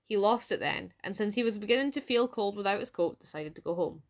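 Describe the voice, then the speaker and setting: A woman with a Scottish accent narrating a folk tale aloud in a lively storytelling manner. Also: mid-range voice, fast. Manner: lively read-aloud with voiced dialogue.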